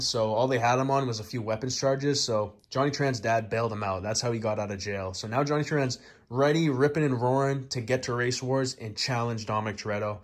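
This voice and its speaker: A young man casually recapping a movie, rambling and swearing as he goes. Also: mid-range voice. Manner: rambling, profane, conversational. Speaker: movie reviewer.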